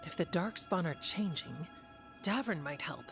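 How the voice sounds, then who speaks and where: An actress voicing a steady, practical woman warden in a video game, calm and matter-of-fact. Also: on the low side, normal speed. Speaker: warden ally character. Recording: game audio with music.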